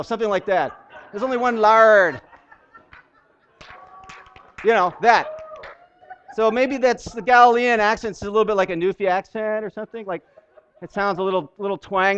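A man's voice: high-pitched, fairly bright tone, clear, resonant tone. A man giving a conversational bible teaching, chatty, with restarts and laughing asides. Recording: dull lo-fi recording.

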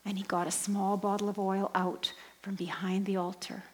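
A woman tells a story from the pulpit in a medium voice. She leans hard on key words, then drops to a soft, breathy hush for the tender moments. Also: medium pitch, flat delivery, normal speed, a little hiss or hum. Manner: dramatic storyteller, swings from bright emphasis down to hushed near-whispers. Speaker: Christian speaker and pilgrimage leader. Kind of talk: spoken storytelling sermon.

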